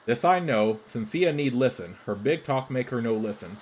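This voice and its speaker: A man's voice: mid-range voice, lively intonation, moderate pace, a little mellow, a little hiss or hum, natural voice, rough recording. A man reading a shrewd wandering creature gossip. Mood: matter-of-fact. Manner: broken, clipped pidgin speech.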